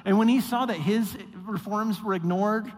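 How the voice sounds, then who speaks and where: Man, pastor, sermon, high voice, animated delivery, mock voices for quotes, long hall reverb. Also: moderate pace.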